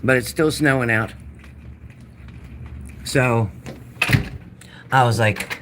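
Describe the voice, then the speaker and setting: A man's voice: medium pitch, slow pace, long pauses, noisy background. An older man hosting a casual livestream from home, talking into a phone or webcam, chatty and repeating himself as he tells stories with frequent laughs. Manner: chatty storyteller who laughs often, repeats phrases. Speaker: livestream host.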